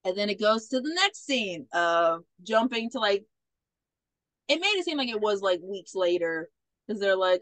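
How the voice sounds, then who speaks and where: A woman hosting a podcast, recapping a movie in a casual, rambling way with plenty of swearing and quick impressions. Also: medium pitch, sing-song, a bit bright, no room sound, poor audio. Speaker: podcast host.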